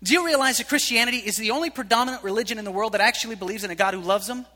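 Animated preacher man in a big hall. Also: high voice, racing. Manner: animated storytelling, swinging from hushed to shouting. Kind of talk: sermon to youth. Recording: live hall reverb.

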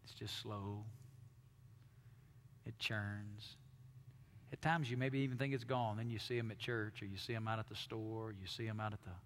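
A man preaching a sermon to his congregation, dropping to hushed tones and rising to loud, forceful peaks. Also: fairly low pitch, fairly even intonation, moderate pace, long pauses, big-room sound, slight background noise. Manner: dynamic preaching, drops to hushed tones then swells loud. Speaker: pastor. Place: church sanctuary.

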